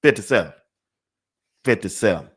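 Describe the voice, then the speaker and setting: A man's voice: on the low side, animated, normal speed, husky. An older man hosting a casual sports talk livestream. He laughs often and repeats phrases over and over. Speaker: sports talk show host.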